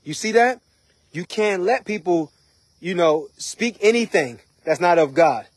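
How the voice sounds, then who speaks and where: A man's voice: high voice, lively intonation, a little slow, dry recording. A man preaching an informal sermon in a conversational way, often asking "right?" and "you know". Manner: conversational, repeats rhetorical questions.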